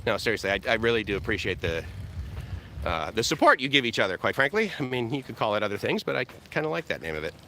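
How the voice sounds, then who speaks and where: Pitched fairly low, very animated, quick and sharp in tone, an American vlogger live-streams a walk along an outdoor seaside path with slight background noise. Using a camera on a selfie stick, he rambles, jokes with his viewers and chuckles a lot.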